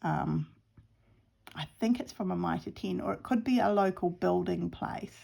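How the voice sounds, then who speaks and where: A woman's voice: lowish voice, measured pace, gravelly, darkish tone, husky. A middle-aged woman with a New Zealand accent, chatting away in a rambling, self-deprecating way as she sews outdoors at home, sometimes dropping to a murmur. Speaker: sewing vlogger. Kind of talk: casual crafting chat.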